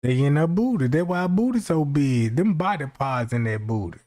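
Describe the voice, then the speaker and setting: Rambling, profane man, fairly high voice. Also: lively intonation, moderate pace, darkish tone. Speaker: streamer host. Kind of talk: casual comedic rant.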